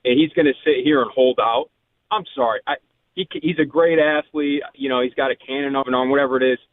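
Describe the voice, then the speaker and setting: A man calling in to a sports radio show from a cell phone, sounding frustrated and apologetic, with halting restarts. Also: medium pitch. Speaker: caller. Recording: tinny cell phone line.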